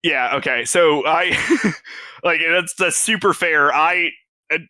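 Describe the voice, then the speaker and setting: A man's voice: fairly high pitch, takes it slowly, sharp tone, no room sound. A man co-hosting a casual anime podcast, talking hesitantly with many fillers and frequent laughs. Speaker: podcast co-host. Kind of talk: casual chat.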